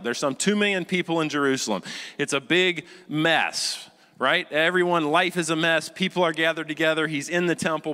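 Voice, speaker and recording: A man's voice: a little high, sharp tone, clean tone, long reverb tail. A male pastor preaching a sermon, emphatic, often asking the congregation rhetorical questions. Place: church sanctuary.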